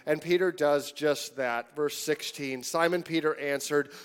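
A man preaching a sermon in a conversational, animated way, sometimes dropping to hushed tones. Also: on the high side, a little slow, clear, resonant tone. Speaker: pastor.

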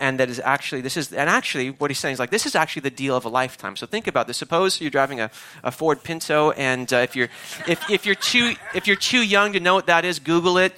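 A man's voice: on the high side, bright, forceful tone. A man, a pastor giving a conversational, emphatic sermon that repeats its key phrases.

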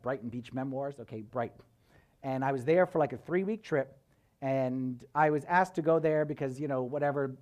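A man, a priest, preaching a sermon as a conversational, animated story full of casual fillers. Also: mid-range voice.

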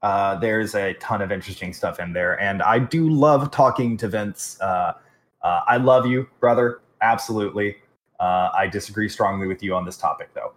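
A man's voice: fairly low pitch, normal speed. A man with a Southeast Texas accent, co-hosting a podcast in casual chat and joking in a mock-formal way. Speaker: podcast co-host.

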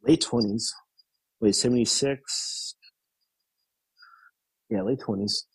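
A man in his thirties, a guest in an interview, telling stories casually, laughing often and acting out quotes in a higher voice. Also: slow pace, husky, poor audio. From New York. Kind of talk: casual storytelling.

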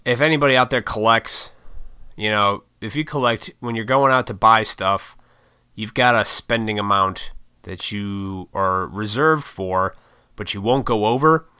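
A man's voice: fairly low pitch, unhurried, pushed and bright, clean tone, dry recording, clean studio sound. A man in his thirties chatting on his own vlog, rambling and swearing casually with frequent laughs. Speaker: YouTuber and podcaster. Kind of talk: casual solo vlog chat.

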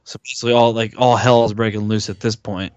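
A man's voice: on the low side, flat delivery, quick pace, dry recording, dull audio. Rambling, swearing man on a podcast. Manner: rambling, filler-heavy, swears freely, acts out movie lines. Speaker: podcast co-host. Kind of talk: casual movie recap chat.

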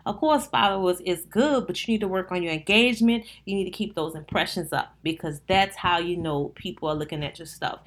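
A wedding planner with a New Orleans accent hosts a casual solo podcast, talking directly to her listeners in an animated, down-to-earth way. Her voice is medium in pitch and a little fast.

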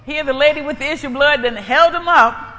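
A woman's voice: high-pitched, fairly quick, bright, forceful tone. A woman preaching and giving a personal testimony in an emphatic, repetitive, conversational way. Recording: echoey hall, faint ambient noise.

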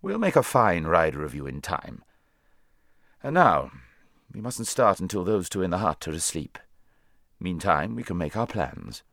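A man's voice: low voice, big pitch swings, vocal fry, fairly bright tone, dry recording, studio quality, heavily acted. A man voicing a proud, brusque talking war horse. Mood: brisk. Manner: brisk, commanding, contemptuous.

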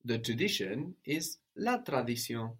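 Guy teaching pronunciation, voice goes up and down a lot, slow careful examples. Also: medium pitch, breathy edge. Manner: patient, models pronunciation slowly, animated questioning intonation. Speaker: language teacher. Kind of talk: audio language lesson.

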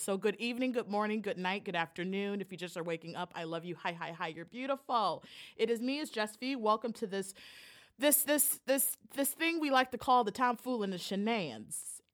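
A woman's voice: medium pitch, lively intonation, moderate pace, a bit bright. A woman hosting a podcast over a video call, talking in a bubbly, playful, hyping way. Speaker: podcast host. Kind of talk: casual chat.

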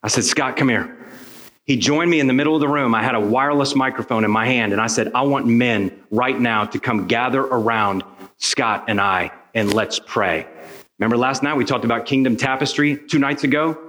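A pastor telling a personal story in a sermon, acting out the voices of the people in it. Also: male voice, medium pitch, moderate pace. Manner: animated storyteller acting out dialogue.

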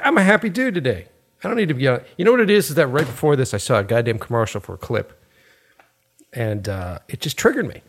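A man's voice: mid-range voice, big pitch swings, fairly quick. A man in his forties co-hosting a podcast, chatting casually in a profane, sarcastic rant. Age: 40s. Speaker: podcast co-host. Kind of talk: casual chat.

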